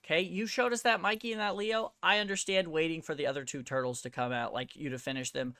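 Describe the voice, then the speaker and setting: A woman hosts her own toy-collector vlog, ranting bluntly, profanely, and heatedly while firing rhetorical questions at viewers. Her low voice is steady, quick, and fairly bright, captured in a dry, studio-quality recording.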